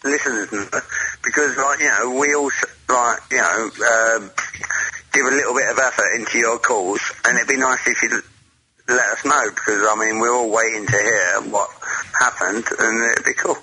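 A man's voice: mid-range voice, steady tone, normal speed, pushed and bright, low-quality recording. A British man calling in to a radio show, blunt and rambling, swearing a lot. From Britain. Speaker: caller. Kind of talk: casual call-in chat. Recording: faint noise on a Skype call.

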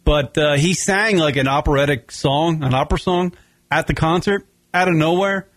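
A man's voice: on the high side, normal speed, dry recording. A man from Long Island hosting a casual comedy radio show, rambling and swearing as he tells stories. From Long Island, New York. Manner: profane, rambling, animated storytelling.

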